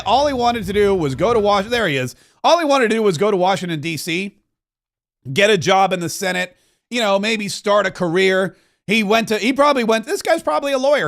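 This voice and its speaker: A man from Florida hosts a political commentary podcast in a fairly high voice. He riffs loosely and mocks his subjects with sarcastic asides. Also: fairly bright tone. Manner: mocking, riffing asides. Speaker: podcast host.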